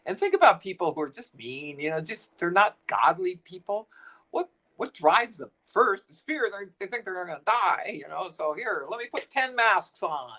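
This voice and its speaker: An older man in casual spiritual chat who talks haltingly, repeating phrases and filling pauses. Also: high-pitched, very animated, sharp tone, low-quality recording. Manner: halting, repeats himself, fillers. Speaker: co-host.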